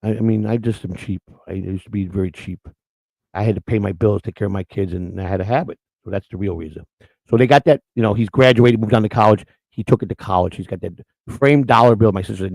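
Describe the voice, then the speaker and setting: Gravelly fast-talking man. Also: lowish voice, a little mellow, no room sound. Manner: rambling, storytelling, crude and emotional. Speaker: livestream host. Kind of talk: casual chat with the live chat.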